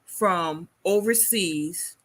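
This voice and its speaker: A woman hosting an interview, telling a personal story in a chatty, animated way. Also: on the low side, very slow, a little hiss or hum. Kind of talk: conversational interview.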